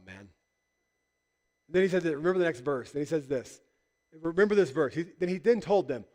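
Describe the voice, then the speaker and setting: Joking pastor preaching in a reverberant hall. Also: male voice, on the high side, expressive, fairly quick, a little mellow. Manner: conversational and joking, acts out voices in quotes. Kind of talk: casual sermon. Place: church hall.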